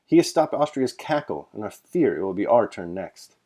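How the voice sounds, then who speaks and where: A man's voice: lowish voice, big pitch swings, moderate pace, warm tone. A man voicing a witty, mocking nobleman who speaks wryly and slips French phrases into his talk. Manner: wry, mixes French phrases.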